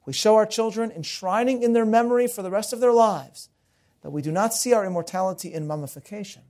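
A man's voice: high-pitched, darkish tone. Earnest man giving a rabbi's lecture. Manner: earnest, storytelling with humor. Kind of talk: recorded lecture.

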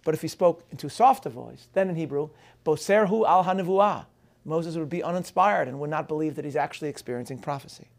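A man giving a measured, scholarly lecture, reading out quotations and dropping in Hebrew phrases. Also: fairly high pitch, gravelly. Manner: measured, scholarly, reads quotes aloud. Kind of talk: lecture on film and scripture.

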